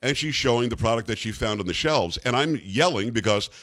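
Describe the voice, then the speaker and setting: Fast-talking American talk show host, a man. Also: mid-range voice, expressive, a bit bright. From United States. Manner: chatty, rambling with many fillers and restarts. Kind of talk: interview.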